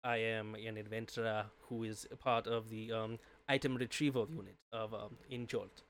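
A man's voice: fairly low pitch, fairly even intonation, normal speed, a bit bright. A man putting on a zany German-accented adventurer. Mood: formal. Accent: German, put on. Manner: formal self-introduction. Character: zany gentleman adventurer man, good-hearted.

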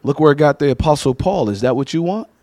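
Fast and fairly high-pitched, this preacher tells stories within his sermon, animatedly voicing each person in them, and the recording has no echo.

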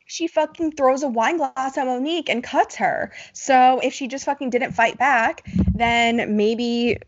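A woman's voice: high-pitched, unhurried, no room sound, highs cut off. A woman co-hosting a casual chat, blunt, profane and opinionated. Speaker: podcast co-host.

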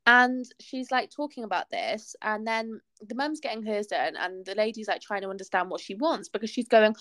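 A young woman co-hosts a chat podcast and tells a long story, leaning on "like" between phrases. Her voice sits at a middling pitch. The recording is close and dry. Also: very animated, a little fast, hardly any pauses, a bit bright, no echo. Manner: chatty storytelling, many "like" fillers. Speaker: podcast co-host. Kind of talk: casual chat.

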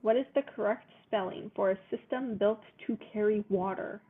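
A woman's voice: mid-range voice, normal speed. A woman co-hosting a casual quiz chat, reading questions aloud and laughing often. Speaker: co-host. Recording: tinny phone-like sound.

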